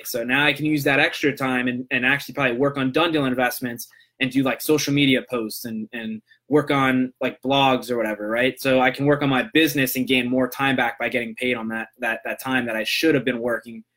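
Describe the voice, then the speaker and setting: A man's voice: medium pitch, bright, forceful tone. A man hosting a casual solo podcast, talking in a loose, rambling way and checking in with "right?". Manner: rambling, loose and conversational, tags lines with "right?". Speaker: podcast host.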